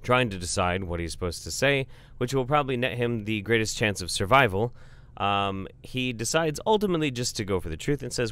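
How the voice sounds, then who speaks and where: A man's voice: medium pitch, lively intonation, brisk, fairly bright tone. A man casually telling a comic family story, rambling and profane, with lots of fillers.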